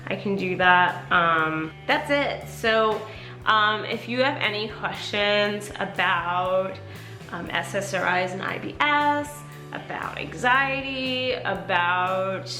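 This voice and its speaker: A woman's voice: medium pitch, takes it slowly, sharp tone, soft background music. A tired woman vlogging candidly and casually, rambling with lots of fillers. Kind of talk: casual personal vlog talk. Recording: echoey room.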